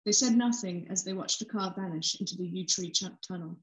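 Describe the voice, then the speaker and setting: A woman author reading a passage of her novel aloud with steady, expressive narration. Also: fairly low pitch, a little fast. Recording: roomy echo.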